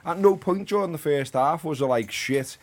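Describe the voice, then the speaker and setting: A man's voice: fairly high pitch, normal speed. A man, a football podcast co-host reviewing a match in chatty, reflective casual talk. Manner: chatty, reflective, easily amused.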